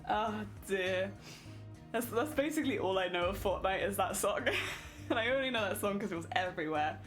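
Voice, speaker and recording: A woman's voice: mid-range voice, moderate pace, soft background music. A young woman streaming, chatting casually and laughing often while she reads chat.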